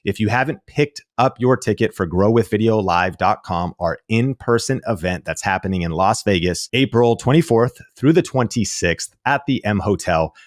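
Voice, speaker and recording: A man's voice: fairly low pitch, lively intonation, normal speed, few pauses, dry recording, clean studio sound. A man hosting a podcast, wrapping up with an upbeat call to action. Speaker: podcast host. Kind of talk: podcast outro and promo.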